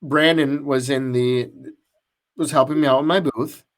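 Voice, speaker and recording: A man's voice: mid-range voice, steady tone, a little slow. A man co-hosting a podcast, telling a long story in casual chat with lots of restarts and fillers. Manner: rambling, many restarts and fillers. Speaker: podcast co-host.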